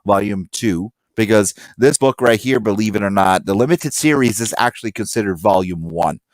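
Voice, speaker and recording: A man co-hosting a podcast in casual chat. He tells stories with animated energy and acts out the people he quotes. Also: on the low side, normal speed, no echo. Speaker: podcast co-host and comic collector.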